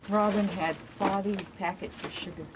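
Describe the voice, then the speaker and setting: A woman's voice: medium pitch, steady tone, normal speed, background noise. A woman on a clinic staff reporting findings offhandedly.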